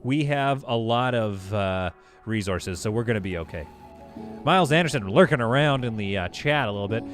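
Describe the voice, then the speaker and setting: A man's voice: lowish voice, expressive, moderate pace, soft background music. A man streaming a game live, thinking aloud as he plays, chatting with viewers and laughing easily. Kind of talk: live gameplay commentary.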